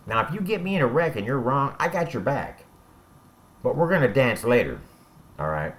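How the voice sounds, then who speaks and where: Speaking at a moderate pace in a medium-pitched, somewhat bright voice with big pitch swings, an ex-prisoner tells stories about life inside. The talk is casual, rough-edged and profane, and he keeps checking in with "all right?"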